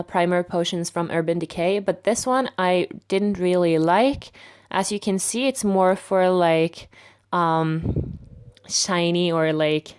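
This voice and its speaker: A woman with a raspy voice narrating a makeup tutorial in a relaxed, step-by-step way. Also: fairly low pitch. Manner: relaxed, step-by-step explaining with fillers.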